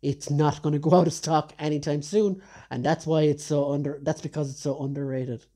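A man's voice: fairly high pitch, fairly even intonation, a little fast, warm tone. A man reviewing action figures in a casual top-ten countdown, chatty and enthusiastic, often correcting himself mid-sentence. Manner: chatty, enthusiastic collector with frequent self-corrections.

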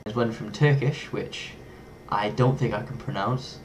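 Easygoing male vlogger, slightly low voice, playful and self-mocking delivery. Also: unhurried, hardly any pauses, a little hiss or hum. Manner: playful, chatty, fumbles pronunciations and laughs at himself. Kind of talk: casual talk to camera.

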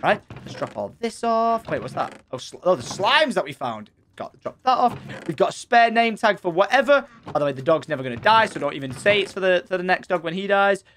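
A young man giving excited Let's Play commentary, chatting and thinking aloud as he plays. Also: high voice, a little fast, hardly any pauses, a little hiss or hum. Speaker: gaming channel host.

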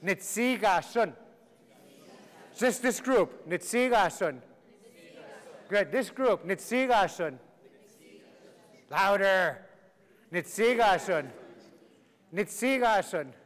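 A man with a fairly high voice leads a live language class, joking around and drilling words for the group to repeat. His voice rings out with a long reverb in a large hall. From Canada. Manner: playful, laughing, drilling phrases for repetition. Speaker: Cree language teacher.

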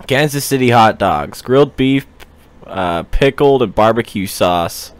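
A man's voice: medium pitch, lively intonation, takes it slowly, dry recording. A man hosting a casual chat, laid-back and offhand, swearing freely as he talks. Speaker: host.

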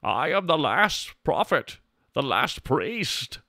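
A man voicing an old male sage from a video game, slow and solemn. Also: fairly high pitch, big pitch swings, sharp tone, no room sound, clean studio sound, heavily acted.

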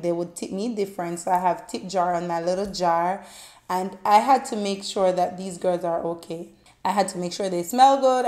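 A woman, chatting to her viewers in a casual, heartfelt way, swinging between loud bursts and soft tones. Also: medium pitch. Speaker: vlogger. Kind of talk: casual storytelling to camera. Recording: roomy echo, faint music.

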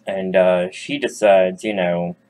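A man with a fairly low voice retells a fairy tale as a crude comedy routine, swearing freely and breaking off to chat with his listeners. His delivery is casual and rambling. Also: fairly even intonation, slow, darkish tone, poor audio. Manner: loose, profane, chatty asides. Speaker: storyteller. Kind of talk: casual comic storytelling.

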